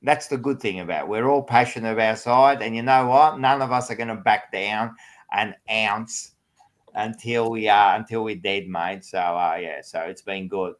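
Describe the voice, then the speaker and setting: A man hosting a sports podcast panel, teasing his co-hosts in lively banter. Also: moderate pace. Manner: teasing, excitable, rising pitch when ribbing others.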